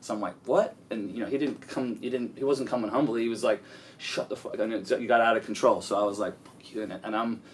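Man guest rambling fast, swears a lot, keeps restarting, slight hiss behind. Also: lowish voice, steady tone. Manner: profane, rambling, halting with many restarts. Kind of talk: casual storytelling interview.

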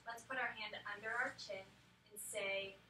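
Bright-voiced teacher in an echoey classroom. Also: female voice, medium pitch, fairly even intonation, moderate pace, far from the mic, a little hiss or hum. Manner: upbeat, coaxing call-and-response. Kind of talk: classroom phonics lesson.

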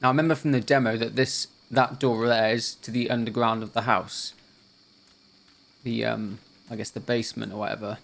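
A man's voice: mid-range voice, flat delivery, normal speed, vocal fry, fairly bright tone. A man hosting a gaming channel, chatting through a let's play in an easygoing way and thinking aloud as he goes.

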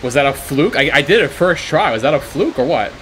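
A man giving excited commentary while playing a video game, swinging between calm explanation and shrieking, laughing panic, swearing a lot and boasting jokingly. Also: on the high side, brisk, slight background noise. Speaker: gaming YouTuber.

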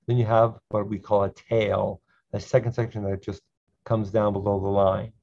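A man teaching a slow Hebrew reading lesson, patiently repeating each syllable so learners can follow. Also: lowish voice, flat delivery, creaky, dark tone, a little hiss or hum. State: clearing his throat. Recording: dull lo-fi sound.

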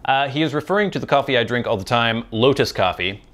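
A man's voice: mid-range voice, lively intonation, fast, few pauses, fairly bright tone. A man from the Pacific Northwest hosting his show, chatting casually and self-deprecatingly while smoking a pipe. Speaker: host.

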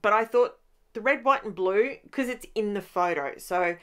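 A woman with an Australian accent, chatting through a voiceover of her own scrapbooking process in a lively, animated way. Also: mid-range voice, moderate pace, smooth. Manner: chatty and animated, with rising exclamations and laughs. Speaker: scrapbooking channel host. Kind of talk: voiceover narration of a crafting process.

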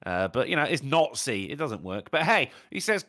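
Sweary British man with a very lively pitch. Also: moderate pace, hardly any pauses. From Britain. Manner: swearing, laughing, storytelling. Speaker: podcast co-host. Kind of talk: casual chat.

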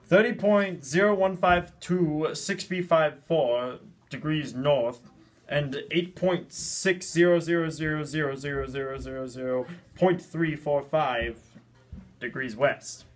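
A man's voice: fairly high pitch, unhurried. A young man in a student comedy sketch, rambling and jokey as he gives directions. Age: young adult. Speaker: student actor.

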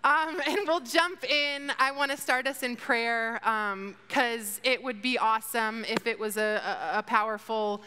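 A woman's voice: a little high, smooth. Chatty young woman speaker in a reverberant hall. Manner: lively and chatty, turning soft and slow in prayer. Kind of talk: faith talk to students. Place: auditorium with an audience.

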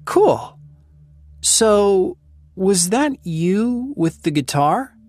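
A woman's voice: medium pitch, big pitch swings, extremely slow, no echo, pitched above the performer's own voice, exaggerated voice. A woman voicing an eager, cheerful teenage girl who lives next door, in a storybook reading. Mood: curious. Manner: bright, cheerful, talkative.

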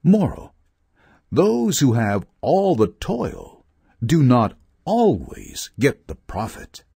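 A man narrating children's fables with expressive, measured storytelling. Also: medium pitch, creaky, noisy background. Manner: slow, expressive reading.

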